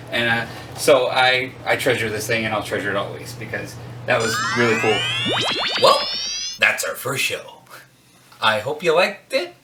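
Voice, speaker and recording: Recorded from afar with background noise, a medium-pitched man in his forties hosts a casual chat. Standing in a home room with arcade cabinets, he shows off his collection, enthusiastic and rambling, with self-deprecating asides.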